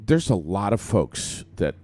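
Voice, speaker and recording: A man's voice: lowish voice, sing-song, measured pace, warm tone. A man co-hosting a casual morning talk show, reading news headlines and bantering wryly. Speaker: radio co-host. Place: studio.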